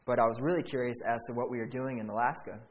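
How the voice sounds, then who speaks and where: A young man casually telling a faith testimony, animated, often saying "like" and acting out what people said. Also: mid-range voice, quick pace, rough recording. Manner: animated, acts out quotes, fillers "like". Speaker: storyteller sharing a faith testimony. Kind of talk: casual storytelling.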